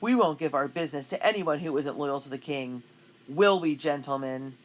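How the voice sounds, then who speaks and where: A woman voicing angry loyalist townsmen in a storybook, speaking in an indignant, shouting way. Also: low voice, normal speed, natural voice, poor audio. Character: angry loyalist men of the town.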